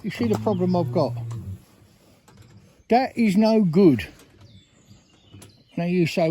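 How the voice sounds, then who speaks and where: A man, a horse trainer explaining as he works outdoors on a road and coaxing his horse with soft endearments. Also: sits high, unhurried, pauses often. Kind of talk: casual explaining while driving a horse. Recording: loud outdoor noise with hoofbeats.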